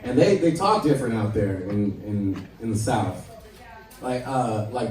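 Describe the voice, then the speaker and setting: A man from San Diego doing a stand-up set, telling stories with animated asides to the crowd. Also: mid-range voice, unhurried. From San Diego, USA. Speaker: stand-up comedian. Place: comedy club stage. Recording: roomy club, far from mic, audience laughter.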